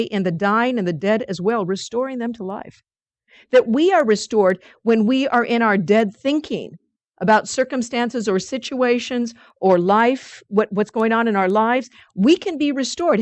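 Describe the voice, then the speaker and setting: A woman teaching a weekly spiritual study group, reading passages slowly and explaining them earnestly, with frequent restarts. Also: on the high side, no echo.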